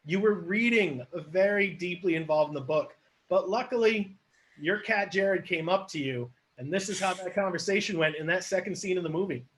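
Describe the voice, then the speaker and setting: A man hosting an online improv comedy show, narrating the scene in an animated storytelling manner. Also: sits high, normal speed, slight background noise.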